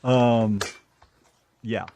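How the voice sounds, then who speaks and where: A man co-hosting an internet radio show, joking around with sudden high exclamations. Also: steady tone, very slow, dark tone, slight background noise. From American South. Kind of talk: casual banter.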